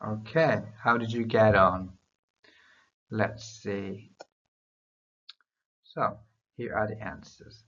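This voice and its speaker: A man teaching a beginner English lesson, reading drill phrases slowly and deliberately for learners to repeat. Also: lowish voice, fairly even intonation, a bit bright, highs cut off.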